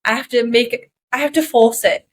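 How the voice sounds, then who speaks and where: A woman from England co-hosting a podcast, chatting casually and pausing to search for her words. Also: on the high side, fairly even intonation. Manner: reflective, searching for words mid-sentence. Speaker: podcast co-host. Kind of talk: casual chat.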